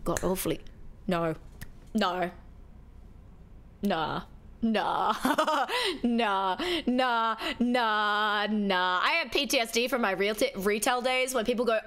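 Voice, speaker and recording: A woman's voice: medium pitch, slow pace, a bit bright, a little hiss or hum. A woman chatting playfully with her viewers while streaming a game. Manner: playful, chatty, talking to chat. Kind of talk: casual live-stream chat.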